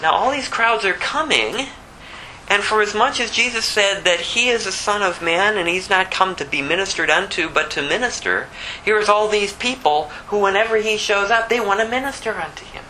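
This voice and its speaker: A man preaching a sermon with fervent, animated delivery that builds toward near shouting. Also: sits high, moderate pace, slight background noise, rough recording.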